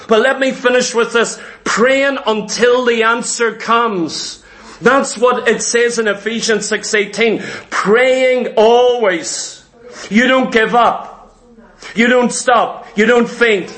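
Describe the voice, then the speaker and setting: High-voiced, animated male preacher. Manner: animated, acts out quotes in varied voices. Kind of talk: sermon.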